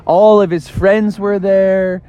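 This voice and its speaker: A man's voice: high voice, flat delivery, slow, mellow. A young man improvising a silly story in a playful, rambling way, with fillers and tangents.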